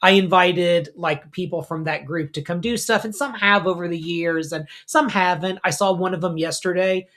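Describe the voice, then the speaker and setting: Chatty middle-aged rabbi telling stories. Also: male voice, sits high, normal speed, few pauses. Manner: animated storyteller, many fillers and asides. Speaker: rabbi and podcast co-host. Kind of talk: casual conversation.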